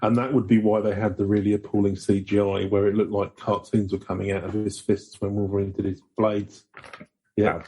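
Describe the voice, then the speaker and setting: A man co-hosting a podcast in casual comedic chat, excitable and rambling with many restarts. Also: fairly low pitch, a little fast, slightly rough. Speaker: podcast co-host.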